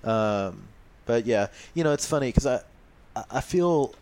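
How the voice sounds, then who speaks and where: A man's voice: mid-range voice, lively intonation, a little slow, a little mellow. A man co-hosting a podcast in casual chat, often stumbling and repeating words as he starts a thought. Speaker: podcast co-host.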